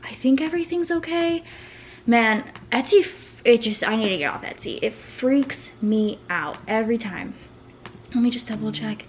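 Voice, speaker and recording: A woman, vlogging at home in a nervous, excitable, rambling way full of restarts. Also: fairly high pitch, normal speed, a little hiss or hum. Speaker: vlogger and small business owner. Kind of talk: casual vlog chat to camera.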